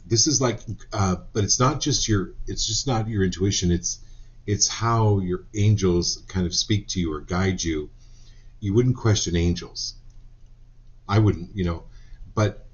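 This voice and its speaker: Man, very deep voice, live-stream spiritual reader, gentle repeated affirmations, rambling asides, muffled lo-fi audio.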